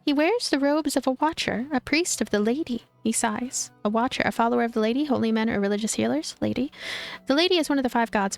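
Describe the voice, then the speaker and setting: A woman's voice: on the high side, a little fast, vocal fry, faint music behind. A woman streaming a story game, reading its text aloud with casual asides. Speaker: gaming streamer. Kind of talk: game playthrough with read-aloud narration.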